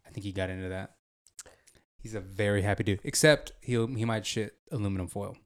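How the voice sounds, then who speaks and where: A man's voice: on the low side, steady tone, a little fast. A man chatting casually, telling a rambling story with slang and frequent laughter. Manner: laid-back storytelling, laughs often, slangy. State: driving while talking. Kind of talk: casual chat.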